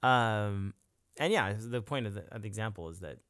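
Low, smooth-voiced man co-hosting a podcast. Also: expressive, normal speed, a bit bright, no room sound, studio quality. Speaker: podcast co-host. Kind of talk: casual church podcast chat.

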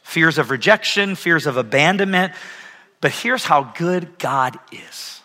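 A man in his thirties preaching a sermon as a pastor, telling stories with lively energy and asking the audience to raise their hands. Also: fairly high pitch, measured pace. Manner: animated storytelling, asks audience for raised hands. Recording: long reverb of a large hall.

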